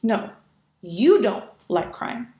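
A woman's voice: a little high, sing-song, slow pace, warm tone, echoey room, lo-fi sound. A woman talking candidly in a casual podcast conversation, speaking emphatically and swearing bluntly as she makes her points. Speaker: podcast guest.

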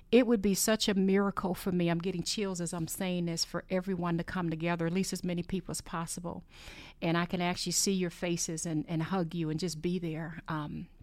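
A woman's voice: fairly low pitch, dry recording. A middle-aged woman hosting a faith podcast, talking in a heartfelt, rambling way and repeating herself often. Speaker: podcast host.

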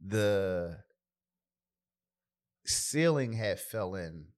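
Laid-back podcast co-host. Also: male voice, low-pitched, expressive, drawn-out words, darkish tone. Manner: laid-back, easygoing, chimes in with short replies. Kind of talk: casual chat.

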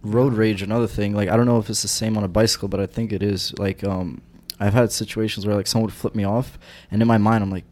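A man's voice: lowish voice, level tone, fast talker, hardly any pauses, a little mellow. A man in casual chat, telling stories loosely with many fillers. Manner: loose, filler-heavy storytelling. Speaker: cyclist in conversation.

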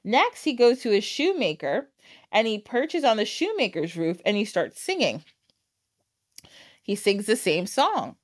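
A woman's voice: mid-range voice, unhurried, dry recording, clean studio sound. A woman hosting a podcast, casually retelling a fairytale with frequent laughs and acted-out quotes. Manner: animated, laughing, acts out quoted lines. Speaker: podcast host.

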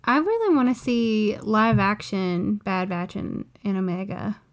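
A woman co-hosting a podcast, talking excitedly in a casual fan chat. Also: mid-range voice, unhurried. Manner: chatty, excited fan talk with frequent laughs. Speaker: podcast co-host.

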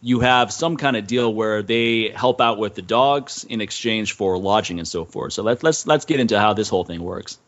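A man's voice: fairly low pitch, normal speed, few pauses, fairly bright tone, highs cut off. A man hosting a podcast, joking and laughing while he introduces and questions his guest. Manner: jokey, laughs a lot. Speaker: podcast host. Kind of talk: casual interview chat.

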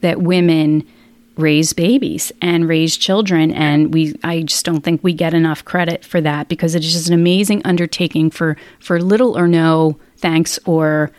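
A woman's voice: low voice, fairly even intonation, normal speed, darkish tone, no room sound. A middle-aged woman author talking candidly in a casual interview, rambling with frequent restarts. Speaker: author guest.

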